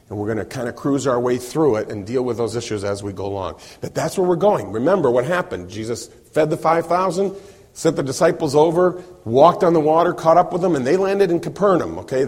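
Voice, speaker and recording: A man's voice: medium pitch, breathy edge, big-room sound. A man preaching a sermon as a pastor, explaining a passage and acting out the voices he quotes. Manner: animated, acts out quoted voices.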